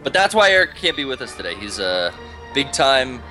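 A man with a bright, fairly high voice that swings widely as he riffs. He co-hosts a loose gaming podcast, cursing casually and joking with his friends, with faint music underneath. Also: fairly quick. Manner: animated, jokey, swears freely. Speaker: podcast co-host. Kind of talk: casual profane banter.

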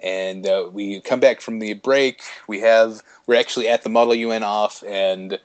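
Chatty man, low voice, dry sound. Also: steady tone, moderate pace, dry recording. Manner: chatty, laughs often, many fillers and restarts. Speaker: podcast co-host. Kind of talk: casual chat.

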